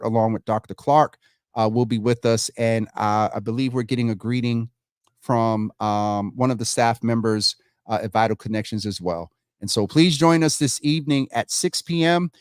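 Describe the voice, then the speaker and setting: A man's voice: mid-range voice, no echo. A man hosting a casual livestream news show from his home studio, talking loosely and straight to his viewers. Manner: chatty, addresses viewers directly, loose and informal. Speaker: show host.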